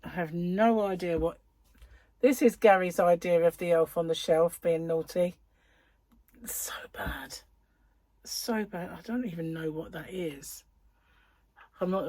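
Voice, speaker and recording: A woman's voice: lowish voice, dark tone. A woman chatting casually in her vlog and laughing at her own jokes. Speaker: vlogger. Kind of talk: casual chat. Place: in a van.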